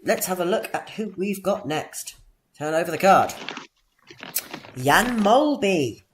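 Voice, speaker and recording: A man's voice: very animated, fairly bright tone, slight background noise. Man hosting a mock quiz show. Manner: theatrical, drawn-out announcements with sudden high-pitched jingles. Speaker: podcast host running a quiz.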